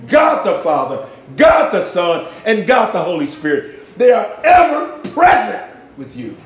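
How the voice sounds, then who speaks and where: A man preaching a sermon with passion, using street slang, swinging between loud shouts and low hushed lines. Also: wildly swooping pitch, measured pace, roomy sound, slight background noise. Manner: uses street slang for emphasis.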